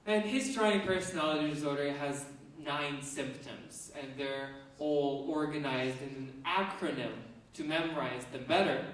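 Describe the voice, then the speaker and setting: A woman from Russia, delivering a deadpan, absurd stand-up comedy set on a university theatre stage. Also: deep voice. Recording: echoey theatre, mic far off.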